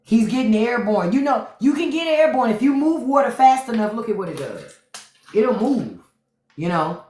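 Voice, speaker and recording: A woman's voice: a little high, very animated, normal speed, a little mellow. Mocking, profane woman livestream host. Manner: mocking, profane, talks back to chat. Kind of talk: unfiltered livestream commentary. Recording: roomy echo.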